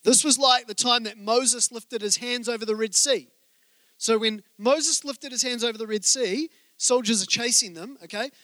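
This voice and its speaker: A middle-aged pastor delivers a sermon in a storytelling way, cracking jokes and turning to the congregation. His voice sits high and sounds bright and forceful. The sound is dry and close. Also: moderate pace, dry recording. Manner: humorous storytelling, asides to the congregation. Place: church hall with congregation.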